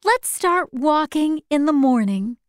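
A woman doing a high earnest young girl. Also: animated, takes it slowly, no echo, studio quality.

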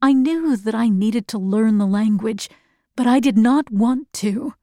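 A woman reading a first-person story aloud in a slow, measured and earnest way. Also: a little high, dark tone, no echo, studio quality. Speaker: narrator.

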